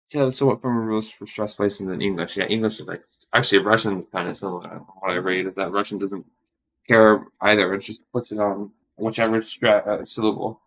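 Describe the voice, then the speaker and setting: A tired man studying on a stream, thinking aloud in a halting, muttering way and sounding out practice words. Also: on the low side, fairly even intonation, a bit bright. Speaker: language learner streaming study.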